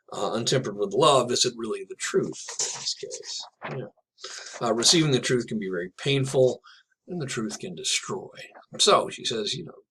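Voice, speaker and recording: A man teaching a literature class in a chatty, digressive way, reading poems aloud slowly and telling jokes along the way. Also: medium pitch, a bit bright, husky, rough recording. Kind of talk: classroom lecture with poetry reading.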